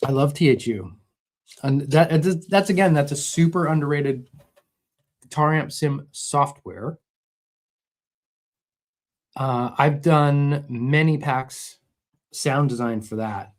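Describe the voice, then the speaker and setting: A middle-aged man hosting a casual guitar livestream, reading viewer comments and explaining gear in a relaxed, roundabout way. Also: on the high side, slow, long pauses. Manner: relaxed and explanatory, with many restarts. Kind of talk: casual live chat answering viewer comments.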